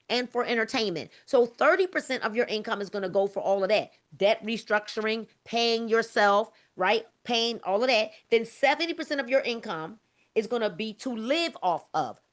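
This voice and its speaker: A woman's voice: fairly high pitch, fairly bright tone. A woman leading a motivational group video call, emphatic and preachy, repeating her phrases and calling the group y'all.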